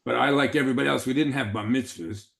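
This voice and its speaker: A man in his seventies from New York City, recalling his childhood in a relaxed way during an oral history interview. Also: mid-range voice, fast, creaky. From the Bronx, New York City. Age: 70s.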